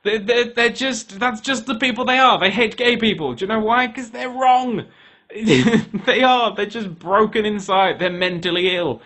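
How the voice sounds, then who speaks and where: A man ranting his opinions to camera in a heated, animated way. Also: high voice, normal speed. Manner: animated, heated, switching into voices for quoted people. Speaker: video maker.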